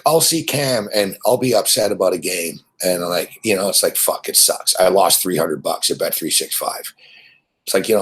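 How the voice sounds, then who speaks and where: A man's voice: sits low, a bit bright, slightly rough. A man hosting a sports betting show, ranting in a blunt, profane, rambling way about gambling on credit.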